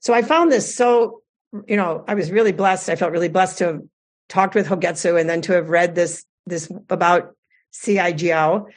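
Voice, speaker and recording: A woman giving her first personal Dharma talk, earnest and reflective, pausing often with fillers and correcting herself. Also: on the low side. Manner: hesitant, many fillers and self-corrections.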